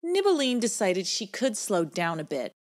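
A woman narrating a children's story in a gentle, expressive storytelling manner. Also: medium pitch, moderate pace.

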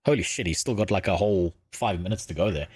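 A man streaming a casual reaction, chatting in an excitable, rambling, jokey way with restarts. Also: sits low, fast, slightly rough.

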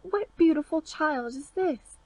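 Small, excitable dwarf men from a fairy tale, put on by a woman narrator. Their questions pop out high and a bit louder than the narration, full of wonder. The voice sits fairly high throughout. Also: a little slow, dry recording, low-quality recording. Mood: amazed. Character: seven little dwarf men, puzzled then amazed.

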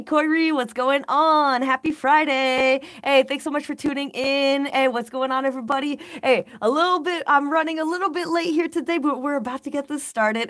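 A woman hosting a casual game live stream, upbeat and easygoing, greeting viewers by name and chatting between moves. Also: a little high. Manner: laid-back slang like "rock on" and "baby".

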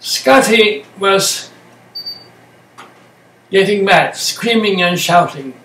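A man speaking as a meditation teacher in a slow, reflective way, using short, halting phrases and plain words. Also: high-pitched. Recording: echoey room, distant mic, faint noise.

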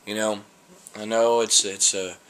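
Bright-voiced man reviewing peppers. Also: fairly low pitch, little pitch movement, a little slow, clean tone. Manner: rambling, laid-back, folksy slang. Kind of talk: casual vlog tasting review.

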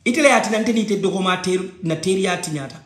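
A high-voiced man with a Gambian accent delivers an agitated personal rant, circling back to the same complaints. His voice bounces around an echoey room. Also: racing, a bit bright, a little hiss or hum. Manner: agitated, switching languages, repeating points.

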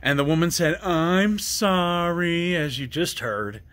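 A man's voice: on the high side, lively intonation, normal speed. Angry swearing man ranting. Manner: agitated, swears a lot, shouts at times. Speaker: vlogger. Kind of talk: angry personal vlog rant.

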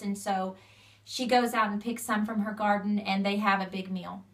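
A woman's voice: mid-range voice, fairly even intonation, normal speed, far from the mic. A young woman casually retelling a fairy tale, chatty, linking sentences with "so" and "you know". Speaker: storyteller.

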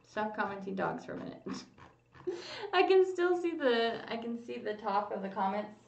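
A chatty woman hosts a casual livestream, reading comments aloud and humming little tunes while she waits. Her voice sits a touch high with a gravelly edge. The sound is dull and lo-fi, with a roomy echo around it. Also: expressive, unhurried, far from the mic. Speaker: livestream host. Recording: lo-fi roomy home stream audio.

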